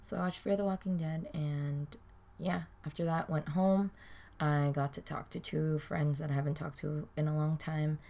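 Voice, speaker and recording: A woman's voice: sits low, steady tone, moderate pace, gravelly, warm tone. A young woman, telling a rambling, swear-filled weekend story in a casual vlog, full of "like"s. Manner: rambling, swears a lot, many "like"s. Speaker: vlogger.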